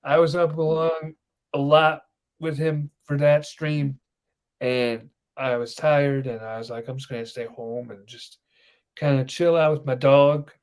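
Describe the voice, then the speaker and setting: A man co-hosting a casual podcast from his home. His voice sits a little high, and he banters loudly and excitably with his co-host. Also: measured pace, clear, resonant tone. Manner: loud, excitable banter that swings to soft baby talk.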